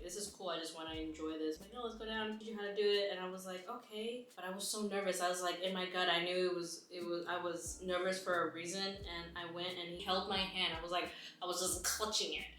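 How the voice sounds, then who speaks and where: A young woman telling a personal story in a casual vlog, with lots of fillers, acting out the lines she quotes. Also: fairly low pitch. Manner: animated, acts out quotes, many fillers. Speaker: mukbang vlogger. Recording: very echoey room.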